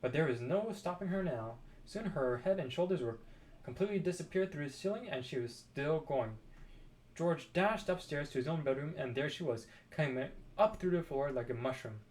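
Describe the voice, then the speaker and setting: A man reading a children's book aloud, expressive with dramatic pauses. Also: on the high side. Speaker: storybook reader.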